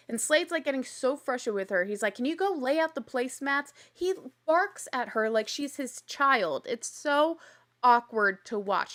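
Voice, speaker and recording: A woman casually recapping a reality show, chatty and animated, with quick asides and laughs. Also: high-pitched. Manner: acts out quoted lines in little voices.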